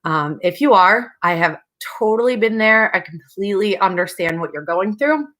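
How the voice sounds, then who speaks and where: A woman's voice: mid-range voice, expressive, moderate pace, a bit bright. A young woman hosting a casual advice talk, chatty and frank, laughing often as she speaks. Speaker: host.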